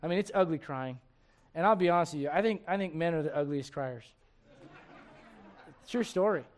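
Animated, folksy man preaching a sermon. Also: on the high side, normal speed, some chatter behind. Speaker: pastor.

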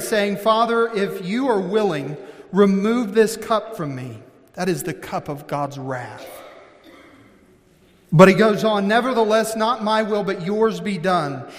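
A pastor preaching a sermon with passion, calling out members of his congregation by name. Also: high voice. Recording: long hall reverb.

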